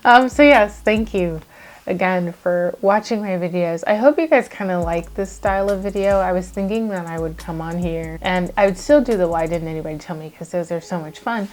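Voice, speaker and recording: A woman's voice: on the low side, moderate pace. A woman YouTuber talking to her viewers in a heartfelt vlog, earnest and reflective, a little emotional, with many casual "like" fillers.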